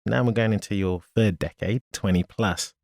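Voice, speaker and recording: A man hosting a podcast, asking questions in a relaxed, casual way. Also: fairly low pitch, moderate pace, creaky. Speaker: podcast host. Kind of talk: casual interview.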